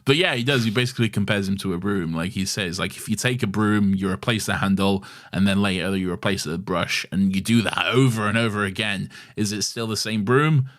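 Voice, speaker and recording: Man, podcast co-host, deep low voice, casual chat, laughs and swears. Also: fairly quick, few pauses, a bit bright. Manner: laughs often, swears freely.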